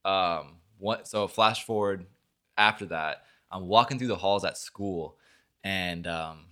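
A man's voice: low voice, slow pace, pushed and bright. A young man, a podcast host, telling a story in casual chat, rambling and swearing with lots of filler words. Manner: rambling, swears a lot, full of filler likes.

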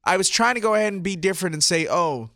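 Brief: male podcast co-host, bright and punchy, slightly higher voice, dry close mic, chatty. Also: no room sound. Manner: quick agreeing interjections, chatty and excitable. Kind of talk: casual wrestling podcast chat.

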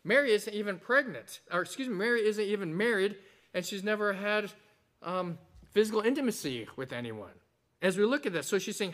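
A man preaching a sermon, animated, mixing scripture, a told joke and acted quotes. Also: high-pitched, moderate pace. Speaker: pastor.

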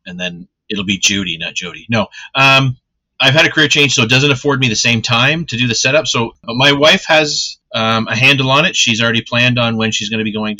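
A man chats easily as a podcast co-host. His voice rings very bright and cutting, at a middling pitch. He tosses out dry, deadpan jokes between stories. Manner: joking, deadpan one-liners. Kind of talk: casual chat.

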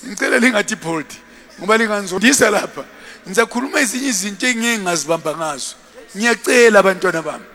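Preacher doing indignant anointed elder, chiding, half-laughing, very high voice, big hall echo. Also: male voice, expressive, fast, bright, forceful tone, heavily acted. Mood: scolding. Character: indignant anointed older man scolding mocking children.

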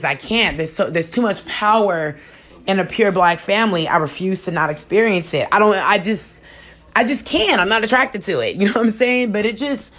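A young adult woman talking frankly and expressively to her viewers in a casual monologue, full of slang. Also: mid-range voice. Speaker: vlogger. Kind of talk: candid casual monologue to camera.

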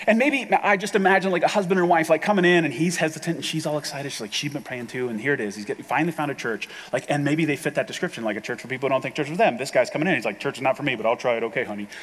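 A man's voice: on the high side, very fast, hardly any pauses, fairly bright tone, breathy edge. A middle-aged man preaching a sermon as a pastor, candid and self-deprecating, talking in a loose conversational way. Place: large rented hall with reverb. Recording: long hall reverb.

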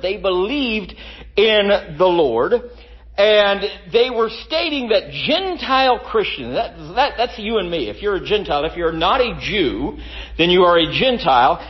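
A man preaching a sermon in a church, animated, with sudden loud emphasis. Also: sits high, lo-fi sound. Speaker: pastor.

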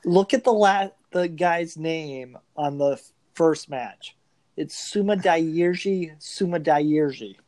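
A man's voice: fairly high pitch, slow pace, no room sound. A man co-hosting a casual podcast, reading out fight lineups with dry asides. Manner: reads lineups in a flat listing way, dry asides.

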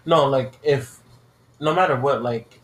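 A man's voice: medium pitch, unhurried, slight background noise. Male podcast co-host, profane rambling storyteller, echoey room. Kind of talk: casual chat.

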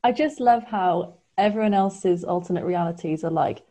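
A woman joining a casual film podcast as a guest, making wry, quick remarks. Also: on the low side, warm tone.

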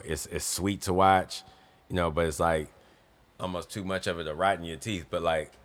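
A young man with a very low, deep voice argues sports in a relaxed podcast chat. He is emphatic and insistent, circling back to the same point again and again. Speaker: podcast co-host, son. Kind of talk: casual sports debate.

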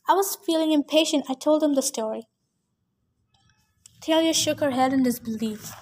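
A woman reading a novel aloud for her podcast, telling the story plainly with the odd stumble. Her voice is notably high. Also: normal speed, darkish tone. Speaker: podcast reader.

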